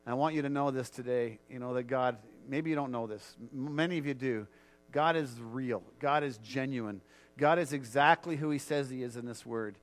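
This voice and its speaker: A man's voice: medium pitch, moderate pace. A man preaching a sermon as pastor and leading a prayer, earnest and repetitive, often restarting his sentences.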